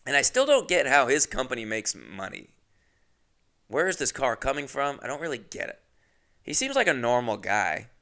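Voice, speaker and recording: Gravelly, bright-voiced comic storyteller man. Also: medium pitch. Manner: rambling, profane, self-mocking. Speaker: podcast host.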